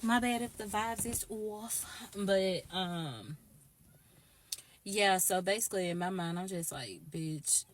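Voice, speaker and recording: A young woman telling a storytime vlog, blunt, profane and animated. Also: medium pitch, slow. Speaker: YouTuber.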